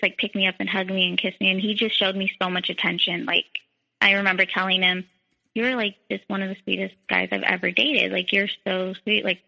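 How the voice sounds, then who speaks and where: Creaky yet bright and forceful, this mid-range female voice trails off into a long reverb tail. She's a young podcast guest narrating her own story, peppering it with "like" and quoting what others said. Sound quality is dull lo-fi.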